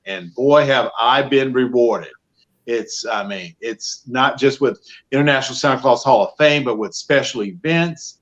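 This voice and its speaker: Man telling an animated story. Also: medium pitch, unhurried, muffled recording. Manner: animated storyteller, acts out both sides of phone calls. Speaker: professional Santa Claus, guest. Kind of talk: casual interview chat.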